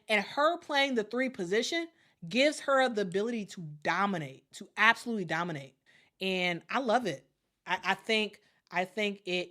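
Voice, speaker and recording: A woman's voice: mid-range voice, a bit bright. A woman, chatting through a live basketball commentary stream, reading viewer comments and repeating herself as she talks. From Chicago. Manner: repeats herself, reads chat aloud, laughs often.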